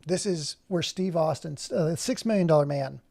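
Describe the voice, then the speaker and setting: Gravelly man rambling on a livestream. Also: fairly high pitch, moderate pace, darkish tone. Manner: rambling, self-interrupting. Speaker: livestream host. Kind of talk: casual livestream chat.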